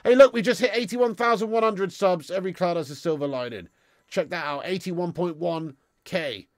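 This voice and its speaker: A young man hosts a live football watch-along, reading viewer comments aloud. His high-sitting voice moves at a moderate pace, and he sounds frustrated, blunt and prone to casual swearing. The studio sound is clean with no echo.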